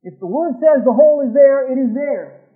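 A man's voice: extremely high pitch, lively intonation, fairly quick. A man preaching a sermon, emphatic, repeating phrases and asking rhetorical questions. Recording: tinny phone-like sound.

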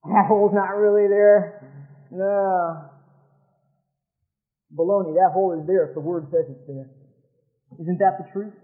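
A man's voice: sits high, fairly even intonation, a little slow, long pauses. A man preaching a sermon, emphatic, repeating phrases and asking rhetorical questions. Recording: tinny phone-like sound.

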